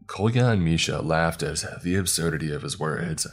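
A man narrating a scripted first-person horror story in a calm, steady way. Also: a bass voice, moderate pace, soft background music.

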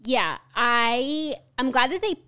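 A woman's voice: sits high, animated, takes it slowly, sharp tone, clear, resonant tone. A young woman co-hosting a casual podcast, musing aloud about a TV show. Her talk is effusive and reflective, heavy with "like" fillers. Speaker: podcast co-host. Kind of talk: casual chat.

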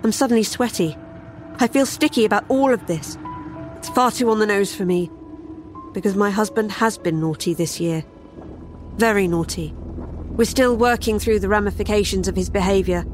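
Wry woman narrating a horror tale. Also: mid-range voice. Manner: wry, sardonic storytelling. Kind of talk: first-person horror story narration.

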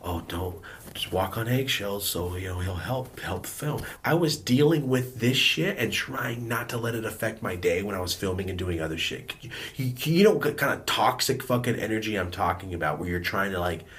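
A young man telling a story about a bad work partner straight to camera, animated and full of swearing, with bursts of shouting and laughing. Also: on the low side, moderate pace. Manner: profane, animated storytelling with outbursts. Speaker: vlogger.

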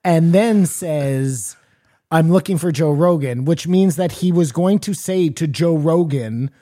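Podcast co-host, man, fairly high voice, mellow dark tone, sarcastic ranter. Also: a little slow. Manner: sarcastic and ranting, swearing. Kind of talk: casual podcast banter.

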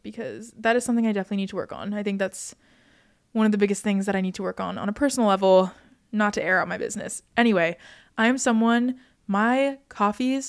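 Young woman, content creator, casual chat, smooth resonant voice, rambling filler-heavy talk. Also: mid-range voice. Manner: chatty, rambling with lots of "like" fillers.

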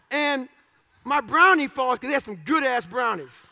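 Blunt, gravelly high-voiced male speaker. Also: animated, measured pace, sharp tone. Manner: blunt, profane, self-mocking humor; punchy clipped phrases. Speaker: motivational speaker. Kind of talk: motivational speech storytelling.

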